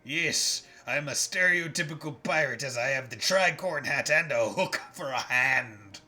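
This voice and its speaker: Guy streaming a game, reads the text out and cracks jokes, bright voice. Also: mid-range voice, expressive, unhurried. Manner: laughing, joking, reading dialogue aloud. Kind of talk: reading game text aloud with jokey commentary.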